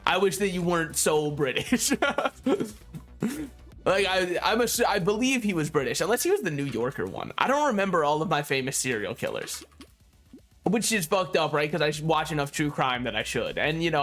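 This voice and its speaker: A young man talks loosely over his gameplay, his voice sitting a little high for a man. He drifts from game choices into joking tangents and laughs often, with faint game music under him. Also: expressive, brisk, a bit bright. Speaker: game streamer. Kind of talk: casual gameplay commentary.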